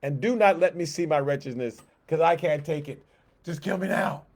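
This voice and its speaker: A man's voice: a little high, moderate pace, darkish tone. A man voicing an overwhelmed male prophet who pleads in strained outbursts to be relieved of his burden. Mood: desperate pleading. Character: desperate overwhelmed male prophet Moses, begging to die.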